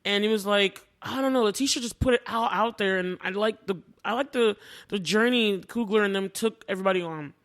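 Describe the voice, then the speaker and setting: A young adult woman co-hosting a casual review podcast, excitable and animated, acting out quotes as she talks. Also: mid-range voice, fairly quick. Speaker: podcast co-host.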